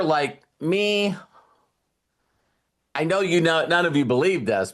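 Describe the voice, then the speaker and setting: An older man hosts a video call and gives a rambling motivational talk in a somewhat high voice. He talks in a folksy way and breaks into laughs. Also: fairly bright tone. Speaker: host.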